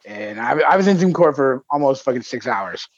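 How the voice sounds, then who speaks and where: A man's voice: mid-range voice, a little fast, over a noisy crowd. A man co-hosting a podcast, telling a story in a casual, profane way and mimicking the people in it. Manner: animated, profane, mimics voices in his stories. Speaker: podcast co-host. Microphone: video call. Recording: dull lo-fi sound.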